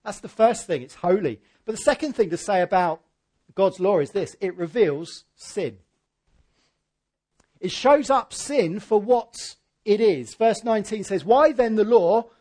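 A man preaching a sermon in a conversational, emphatic way, with a husky voice. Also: sits high, lively intonation, a little slow, a little mellow.

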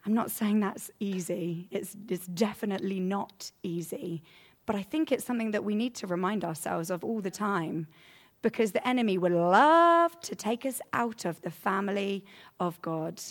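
A woman giving a sermon as preacher, earnest and conversational, growing animated when she tells everyday examples. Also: medium pitch, normal speed.

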